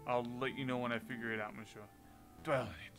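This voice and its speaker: A man voicing a shrewd, blunt male falcon attorney who speaks in a crisp, firm, matter-of-fact way. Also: medium pitch, fairly even intonation, quick pace, over music, lightly acted. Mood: probing.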